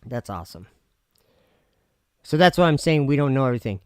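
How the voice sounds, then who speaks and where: A man casually reading scripture aloud and musing on it for his viewers, pausing and restarting as he goes. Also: medium pitch, expressive, clean tone, no echo, clean studio sound. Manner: reads aloud with pauses and restarts. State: talking with candy in his mouth. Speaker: video host.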